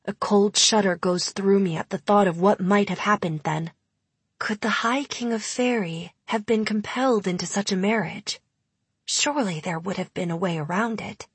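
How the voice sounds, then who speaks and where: A woman narrating a first-person audiobook in a measured, intimate manner. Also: medium pitch, slightly rough, dry recording.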